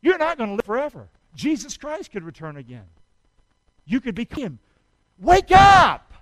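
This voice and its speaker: A man preaching a sermon, calling on the congregation to repeat after him and shouting exhortations. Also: high-pitched, wildly swooping pitch, normal speed, dry recording, rough recording. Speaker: pastor.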